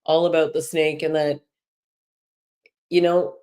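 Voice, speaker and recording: A low-voiced woman hosts a live spiritual talk for her viewers. She chats casually, drifts between stories and encouragement, and laughs easily as she goes. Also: little pitch movement, measured pace. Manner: warm, chatty, laughs often. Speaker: host of a live spiritual energy show.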